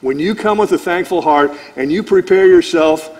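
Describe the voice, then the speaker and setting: A man's voice: high-pitched, moderate pace. A man teaching verse by verse through a Bible passage as a pastor, talking conversationally and acting out short lines of dialogue. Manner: animated, acts out God's voice and conversational asides.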